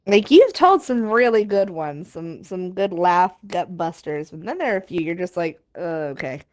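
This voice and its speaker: A woman's voice: lowish voice, sing-song, normal speed. A woman on voice chat during a game stream, teasing her friend and laughing often. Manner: teasing, giggly. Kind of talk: casual gaming chat with friends.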